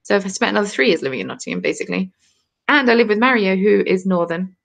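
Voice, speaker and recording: Speaking fast and animatedly with vocal fry, this southern English woman in her twenties knits on a live stream for her crafting channel. Her voice is medium pitched, and she chats casually with viewers' comments from a cold home.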